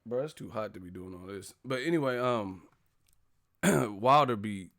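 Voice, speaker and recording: A man's voice: fairly low pitch, animated, moderate pace, a bit bright. A man chatting casually on a live stream, laughing often, swearing and slipping into impressions of others. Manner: laughs often, profane, slangy, imitates others. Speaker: commentator.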